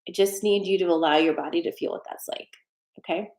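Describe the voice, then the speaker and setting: A woman's voice: lowish voice, fairly even intonation, fairly quick, darkish tone, roomy sound. A woman hosting a live-stream tarot card reading, chatty and rambling with fillers, a little out of breath. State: slightly out of breath. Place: home desk with a treadmill.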